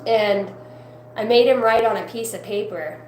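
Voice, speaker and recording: A woman's voice: fairly high pitch, moderate pace. Rambling, cursing woman telling her testimony. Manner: rambling, profane, excitable storytelling. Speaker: evangelist. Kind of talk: personal testimony storytelling. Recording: roomy echo with faint hum.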